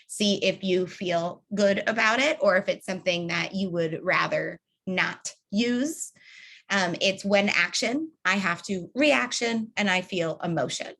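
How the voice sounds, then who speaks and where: A woman's voice: mid-range voice, fairly bright tone. A young adult woman leading an online training session, upbeat and conversational, speaking over a video call. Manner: upbeat, conversational, addresses group as y'all.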